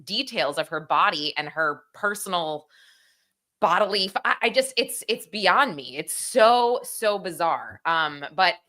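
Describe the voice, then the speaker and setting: A woman hosting a chat show, chiming in with quick, incredulous reactions and asides. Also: fairly low pitch, animated, pushed and bright. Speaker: show host. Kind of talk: casual chat.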